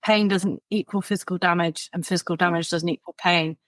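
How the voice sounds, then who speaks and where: A woman's voice: fairly low pitch, fairly quick, no echo. A woman, a podcast guest who tells stories vividly and acts out the people in them. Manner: animated storyteller who acts out quoted people. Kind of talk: podcast conversation.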